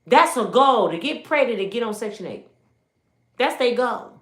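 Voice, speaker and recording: A middle-aged woman, hosting an animated commentary and talking emphatically as she acts out the people in her stories. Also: on the high side, normal speed. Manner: emphatic, preachy, acts out quoted voices. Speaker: commentary channel host. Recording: echoey room.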